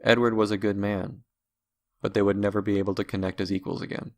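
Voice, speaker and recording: Man narrating a story, low voice with lots of fry, steady reading pace. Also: fast talker.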